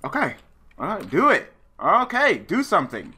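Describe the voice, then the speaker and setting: A man talks through an online card game in casual commentary, muttering his plays under his breath. His voice sits on the high side and swings widely in pitch as he laughs and rants in disbelief. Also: huge pitch swings, normal speed, pushed and bright, slightly rough. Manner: muttering to himself, then laughing and ranting in disbelief. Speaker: gaming channel host.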